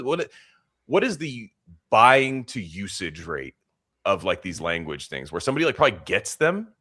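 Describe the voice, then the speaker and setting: A man hosting a podcast in casual, crude banter, rambling and swearing, now and then mocking accents in a high put-on voice. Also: fairly bright tone. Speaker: podcast host.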